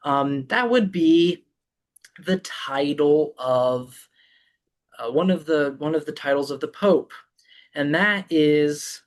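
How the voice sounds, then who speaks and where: A man presenting a Bible study, speaking slowly and deliberately, with frequent ums and restarts. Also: fairly high pitch. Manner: halting, with many ums and restarts.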